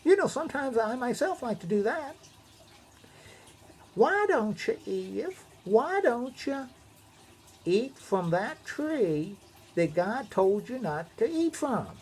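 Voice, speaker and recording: A woman's voice: fairly high pitch, very animated, slow pace, a little mellow, slightly rough, pitched above the performer's own voice, heavily acted. A woman voicing a sly coaxing snake.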